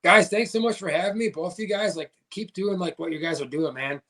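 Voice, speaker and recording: A man's voice: high voice, fairly quick, bright, forceful tone. A man in his thirties, a podcast guest, telling a story in a casual way with many "like" fillers.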